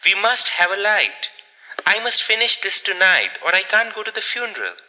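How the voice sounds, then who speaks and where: A man reading aloud, voicing a stern, peremptory woman who scolds briskly. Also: high-pitched, big pitch swings, pushed and bright, long reverb tail, voice pushed up, full character voice, poor audio. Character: stern peremptory middle-aged woman, sewing.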